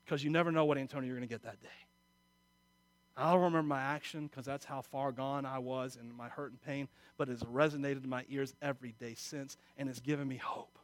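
A middle-aged man preaching a sermon, emotional, moving from quiet confiding talk to loud exhortation. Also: mid-range voice, fairly even intonation, fairly quick, no room sound. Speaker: pastor.

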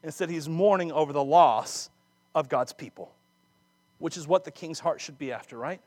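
Man, pastor, sermon, expressive, bit high-pitched, dry close sound. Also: normal speed, no room sound. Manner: animated, dramatic readings of scripture with laughs and asides.

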